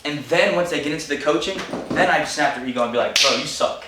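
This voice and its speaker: Fast-talking young man coaching sales. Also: on the high side, lively intonation. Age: 20s. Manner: fast, punchy, coaching the team. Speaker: sales trainer. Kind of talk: live sales training talk. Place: meeting room with team. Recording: echoey room, mic far off, background noise.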